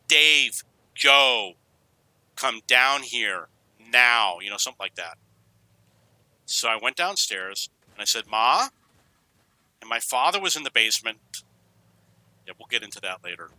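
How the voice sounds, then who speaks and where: A man's voice: medium pitch, bright, forceful tone, no echo, low-quality recording. A middle-aged man from New York casually telling rambling personal stories, drifting off on tangents. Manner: rambling, digressive, anecdotal. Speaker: storyteller.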